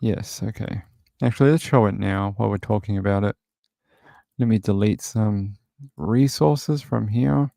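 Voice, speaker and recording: Low gravelly man hosting a livestream. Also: unhurried, dark tone, no echo, clean studio sound. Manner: chatty, rambling, full of filler words. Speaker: livestream host. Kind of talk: casual chat reading viewer comments.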